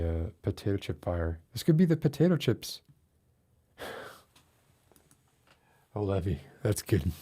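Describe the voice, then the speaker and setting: This man speaks fairly low with a dark tone while streaming and chatting casually with a live audience. He rants in mock outrage, his voice climbing as he gets worked up, and laughs at himself.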